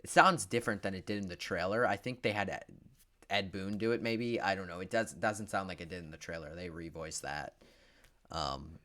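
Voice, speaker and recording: A man's voice: deep voice, a little fast, bright, forceful tone. A young man giving a profane, sarcastic movie recap, full of filler words and swinging between mutters and outbursts. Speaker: movie reviewer.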